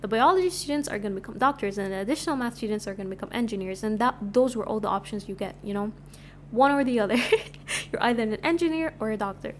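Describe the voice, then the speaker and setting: A woman in her twenties from Sudan hosts her own podcast. She tells her stories in a loose, chatty way, full of "like" and quick asides. Her voice sits a bit high, and a soft hum runs underneath. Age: 20s. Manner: chatty, animated, lots of filler "like". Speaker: podcast host. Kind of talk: casual storytelling.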